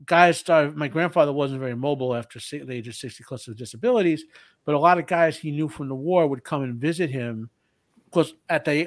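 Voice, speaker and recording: A man in casual discussion, talking in a rambling, halting way with lots of filler words. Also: fairly high pitch, no echo. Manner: rambling and halting, with frequent "you know" and "like". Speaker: co-host.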